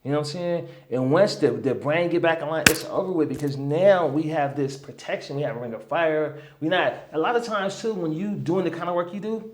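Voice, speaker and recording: Animated storytelling man, slightly high voice. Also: a little fast, few pauses, slight background noise. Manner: animated storyteller, many "right?" and "you know what I'm saying?" tags. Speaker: guest healer. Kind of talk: casual storytelling in an interview.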